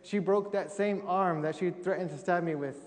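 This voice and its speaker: A young man with a fairly high voice tells funny stories of his mission work to a church crowd. He acts out the voices in his stories. His voice rings with the long echo of a big church hall. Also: normal speed. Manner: humorous storytelling, acting out quotes. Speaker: missionary speaker. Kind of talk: testimony talk to a congregation. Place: church sanctuary.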